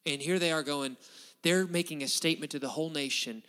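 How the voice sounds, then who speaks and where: Animated preacher man, bright tone. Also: fairly high pitch, a little fast, smooth. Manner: animated, folksy preaching with rhetorical "right?" asides. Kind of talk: sermon. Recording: hall reverb.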